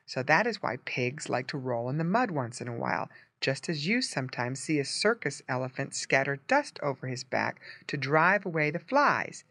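A lively storyteller with a bright voice and a wide, animated lilt, reading a simple tale slowly and clearly for learners. The sound is close and dry. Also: mid-range voice, no echo. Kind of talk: scripted storybook narration for English learners.

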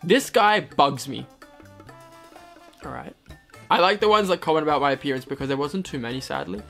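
A man's voice: a little high, moderate pace, vocal fry, bright, forceful tone, soft background music. A young man with a mixed British-American accent, casually reading out comments in a vlog and answering them with wry, self-deprecating sarcasm. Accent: mix of British and American. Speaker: equestrian vlogger.

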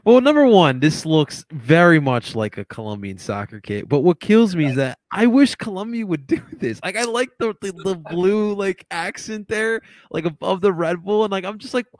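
A man hosting a casual sports podcast, expressive and quick to laugh. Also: high voice, no room sound. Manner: expressive, laughs often, swings between mumbling and exclaiming. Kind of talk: casual chat.

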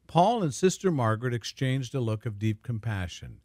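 A man narrating a scripted dramatic story in a smooth, even storytelling manner. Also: medium pitch, normal speed, few pauses, no room sound, studio quality.

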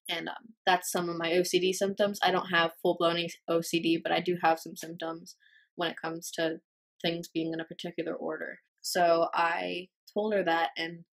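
A teenage girl vlogger tells her story in a confessional video, her fairly low voice staying flat and even with little rise or fall. She speaks hesitantly and haltingly, filling her pauses with "um" and "like."

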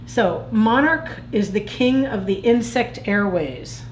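Brief: woman children's librarian, unhurried, very lively pitch, playful read-aloud in an echoey museum room. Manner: animated, playful storyteller. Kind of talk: reading picture books aloud to children. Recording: echoey room with faint noise.

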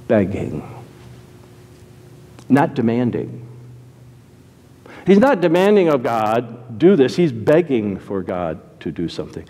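A man preaching a sermon, animated, jumping from loud exclamations to quiet asides. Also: mid-range voice, in a large hall.

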